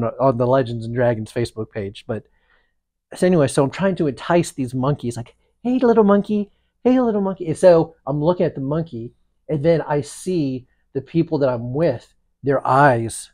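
Male co-host, casual chatty storyteller, average pitch, dry booth sound. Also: no room sound. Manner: animated, rambling, restarts often. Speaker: podcast co-host.

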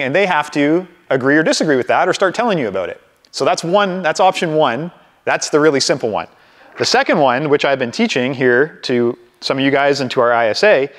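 A man leading a live sales training session for a group, coaching in an energetic way and acting out phone calls. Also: on the high side, long reverb tail. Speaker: real estate sales trainer.

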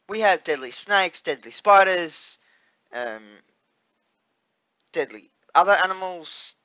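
A man's voice: sits high, pushed and bright, lo-fi sound. A young Australian man chatting casually in a vlog, rambling with lots of fillers and restarts and swearing freely. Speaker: vlogger.

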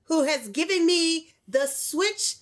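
A woman's voice: very high-pitched, expressive, slow. A woman co-hosting a let's play, chatting casually, blunt and laid-back and swearing freely. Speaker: co-host of a let's play channel. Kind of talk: casual gameplay chat.

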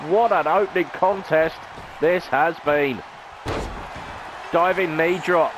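A man's voice: fairly high pitch, takes it slowly, background noise. A man, a gaming channel host, calling a video game wrestling match play-by-play in a dramatic announcer style with rhetorical questions.

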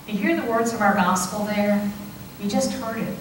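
A woman priest preaching a sermon, slow and deliberate with playful conversational asides. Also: medium pitch, slight background noise. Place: church sanctuary. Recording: echoey church heard from a distance.

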